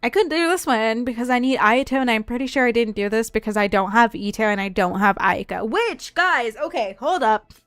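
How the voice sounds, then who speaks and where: A woman's voice: a little high, brisk, fairly bright tone, no room sound, studio quality. A young woman from the Southern United States giving casual gameplay commentary as a streamer, chatty and rambling, often trailing off and restarting.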